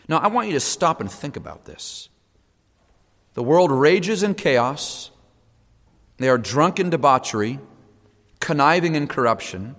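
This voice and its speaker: Emphatic preacher in a reverberant hall. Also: male voice, fairly high pitch. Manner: emphatic, repeats key phrases, swings from hushed to loud. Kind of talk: sermon.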